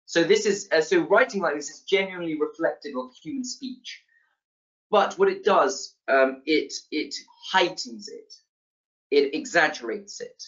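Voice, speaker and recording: A man teaching a casual literature lesson, relaxed, with many fillers and restarts. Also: on the high side, a little slow. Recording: slightly dull lo-fi sound.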